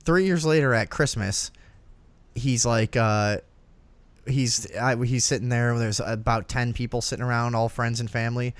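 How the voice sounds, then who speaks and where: A man hosting a talk show, telling a crude story in a profane, animated way. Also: mid-range voice, normal speed, no room sound. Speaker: podcast host.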